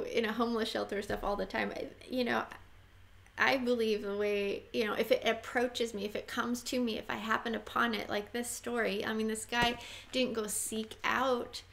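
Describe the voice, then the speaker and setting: A woman's voice: on the high side, creaky, a bit bright. A woman giving casual, earnest Bible commentary to camera, chatty and exhorting, often laughing. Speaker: Bible teacher.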